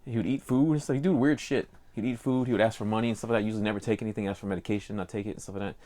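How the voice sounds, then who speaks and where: A man's voice: fairly low pitch, fairly even intonation, very fast, mellow. An older man with a Cajun accent, co-hosting a casual podcast and telling a rambling story full of fillers. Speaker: podcast co-host. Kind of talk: casual chat.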